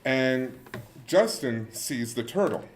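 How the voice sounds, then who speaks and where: A man's voice: mid-range voice, takes it slowly, slight background noise. A man in his thirties telling a story in casual podcast chat and acting out the quoted lines. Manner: animated, acts out quoted lines.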